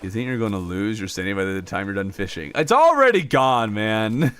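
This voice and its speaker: A man streaming a video game, chatting casually with his chat and laughing often in a jokey, animated way. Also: fairly low pitch, a little fast, clean tone. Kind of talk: casual live-stream chat, reading chat aloud.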